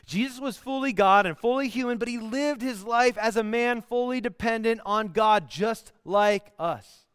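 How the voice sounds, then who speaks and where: A man delivers a sermon in a high, clear, resonant voice. He tells stories with animation and sometimes bursts into song. The sound is dry and close. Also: moderate pace, a bit bright, no room sound. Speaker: pastor.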